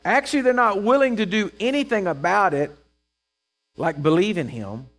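A man's voice: high-pitched, normal speed, a bit bright. A man preaching a sermon in a conversational way, checking in with his listeners and acting out Bible characters. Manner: acts out Bible characters in quoted voices.

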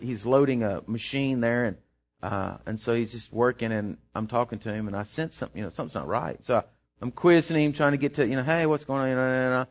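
A middle-aged man, a pastor telling a rambling story in his sermon that builds into emphatic preaching. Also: mid-range voice. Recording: dull lo-fi sermon recording.

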